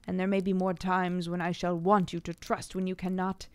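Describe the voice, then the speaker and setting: A woman's voice: lowish voice, level tone, normal speed, a little mellow, smooth, dry recording, lightly acted. A woman playing a grave kindly old professor.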